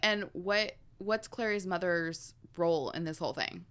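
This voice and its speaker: A woman's voice: fairly low pitch, moderate pace, a bit bright, smooth. A woman co-hosting a casual podcast, recapping a book chapter in a chatty way and laughing often. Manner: chatty, laughs often while recounting the story. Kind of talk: casual chat.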